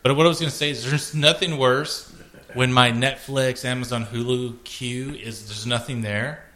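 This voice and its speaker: A man's voice: mid-range voice, fairly even intonation, moderate pace, bright, forceful tone. A man hosting a casual podcast, rambling and swearing as he chats about television. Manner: rambling, profane, joking. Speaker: podcast host. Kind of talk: casual chat.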